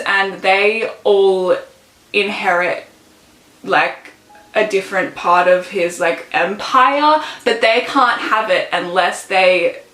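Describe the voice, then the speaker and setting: A woman's voice: mid-range voice, a bit bright, reverberant. A young woman from Australia, a book vlogger, chatting casually and gushing with lots of "like" fillers. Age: young adult. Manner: gushing, chatty, heavy use of "like". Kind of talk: casual chat.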